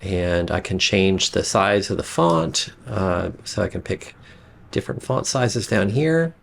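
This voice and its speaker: A man giving a casual screen-recorded software tutorial, rambling with frequent fillers and restarts. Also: sits low, measured pace, vocal fry. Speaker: instructor demonstrating software.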